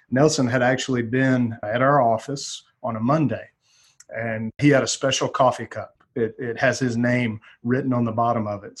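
A man's voice: mid-range voice, husky. A man with a Southern US accent, telling easygoing anecdotes on a podcast. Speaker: podcast guest. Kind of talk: casual storytelling.

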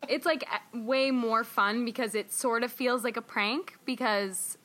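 A woman's voice: a little high, fairly even intonation, unhurried, a bit bright. A woman from Canada in casual chat with friends, who laughs easily.

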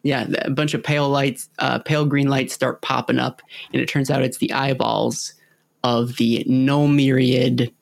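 A man's voice: medium pitch, vocal fry, dry recording. A man hosting a podcast in casual chat, hesitant, with many ums and restarts. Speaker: podcast host.

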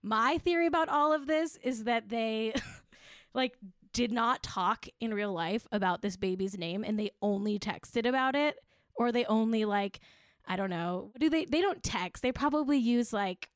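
A woman's voice: a little high, expressive, a little slow, clean tone, no echo, studio quality. A young woman hosting a live web show, chatting casually and mocking herself, with frequent giggles and lots of "like.". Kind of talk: casual live-stream chat.

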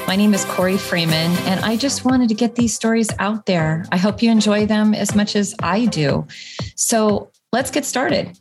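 A woman's voice: mid-range voice, expressive, normal speed, music in the background. A woman hosting a podcast, introducing the show and prompting her guest in a friendly, loosely phrased way. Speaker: podcast host. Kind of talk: casual podcast interview.

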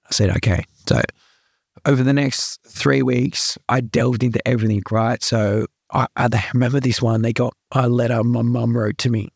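With a mid-range, slightly rough voice marked by vocal fry, a young Australian guest on a podcast earnestly and candidly relates his personal story. He speaks at a normal, steady pace, repeats himself, and drops plenty of "like" and "right." The sound is clean studio audio with no room sound.

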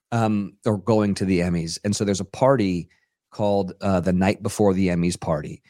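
A man on a podcast spins a rambling anecdote, acting out what people said with lots of "um" and "like". His voice sits a little low. The sound is close and dry, with hardly any room echo. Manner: animated storyteller who acts out quotes, many fillers. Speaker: podcast guest, radio DJ and TV personality. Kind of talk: casual anecdotal storytelling. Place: podcast studio.

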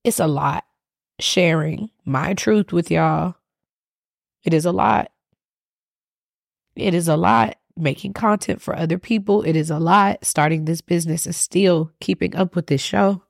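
Woman doing a solo podcast, kinda low and raspy-fried voice, spilling her feelings to listeners. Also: normal speed, dry recording, clean studio sound. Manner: emotional, confessional, talks straight to listeners. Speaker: podcast host. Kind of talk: candid solo podcast monologue.

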